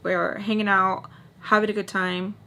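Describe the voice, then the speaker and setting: A young woman vlogging a casual storytime while doing her makeup, full of likes and quick restarts. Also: medium pitch, little pitch movement, sharp tone. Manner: chatty, many likes and restarts; voices others in quoted bursts.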